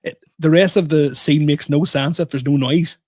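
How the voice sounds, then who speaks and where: Animated man telling a story. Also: fairly high pitch, normal speed, no echo. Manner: animated, self-mocking storyteller. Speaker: podcast co-host. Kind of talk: casual storytelling chat.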